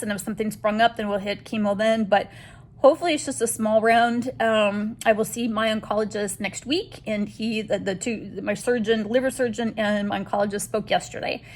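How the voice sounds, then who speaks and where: A woman recording a candid personal video diary, talking hesitantly with many pauses and restarts as she gives a health update. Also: medium pitch, steady tone. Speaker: vlogger sharing a health update.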